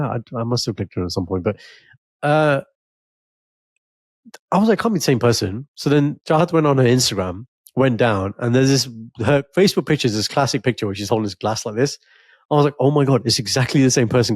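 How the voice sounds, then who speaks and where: A man's voice: medium pitch, fast talker, no echo. A man co-hosting a podcast, chatting casually and acting out quotes as he tells stories. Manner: animated storytelling with acted-out quotes. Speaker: podcast co-host. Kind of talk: casual chat.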